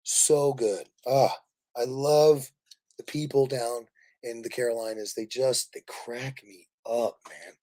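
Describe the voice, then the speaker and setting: Excitable man chatting on a livestream. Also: mid-range voice, slow pace. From Kansas City, Missouri. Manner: animated, laughing, rambling storyteller. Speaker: livestream host. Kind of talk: casual livestream chat.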